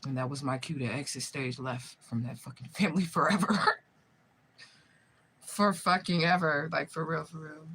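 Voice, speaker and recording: Woman medium around 40 venting on her vlog, sharp bright voice, swears a lot, rambles, keeps saying you get me. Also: low-pitched, steady tone, moderate pace, slightly rough, poor audio. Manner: profane, rambling and repetitive; keeps asking listeners if they follow. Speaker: spiritual medium. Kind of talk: emotional direct-to-camera vlog.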